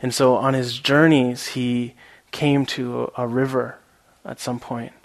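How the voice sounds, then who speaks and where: A man giving a relaxed, rambling meditation talk that mixes a story with teaching and is full of fillers. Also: medium pitch, a little slow. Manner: laughs at his own story.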